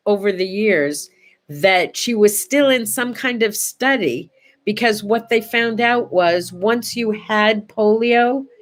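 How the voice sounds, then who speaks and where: Older female host, unhurried chatty delivery, soft on personal memories. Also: medium pitch. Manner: chatty, warm-hearted, goes quiet and soft on sad memories. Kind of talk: casual morning chat to camera.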